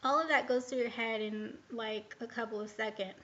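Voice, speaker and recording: A woman's voice: a little high, fairly even intonation, moderate pace, fairly bright tone, muffled recording. A woman telling a personal story in a casual vlog, rambling and candid with many hesitations. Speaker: vlogger.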